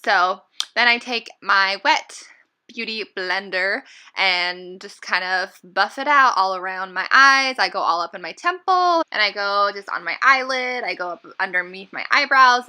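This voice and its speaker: Bright, chatty woman beauty vlogger. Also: medium pitch, animated, unhurried. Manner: upbeat and chatty, many fillers. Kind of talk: casual makeup tutorial.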